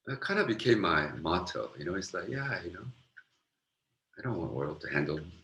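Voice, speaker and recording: A middle-aged man preaches a Bible lecture, his voice sitting very low. He delivers it with animated earnestness, jumping to loud emphasis and then dropping to soft asides. The recording carries a roomy echo. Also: a little fast. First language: Korean. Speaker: pastor.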